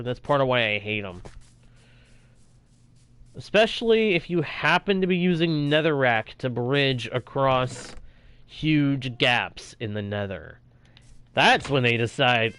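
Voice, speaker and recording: A man's voice: medium pitch, expressive, slow, a bit bright, clean tone. A young man talking casually over his own gameplay as a streamer, reacting aloud to what happens on screen. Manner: chatty, reacts aloud while playing. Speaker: gaming streamer.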